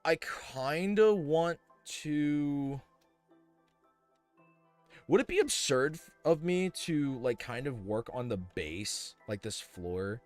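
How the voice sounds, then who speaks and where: A man's voice: mid-range voice, expressive, slow, darkish tone, faint music behind. A young man casually thinking aloud as he streams a building game, rambling with many fillers and restarts. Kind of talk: casual live-stream commentary while building.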